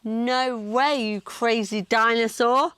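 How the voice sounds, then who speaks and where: A woman's voice: on the high side, steady tone, slow, fairly bright tone, slight background noise. A woman voicing a timid, grumpy male dinosaur who complains a lot, in a storybook reading. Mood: grumbling. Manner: whiny, complaining.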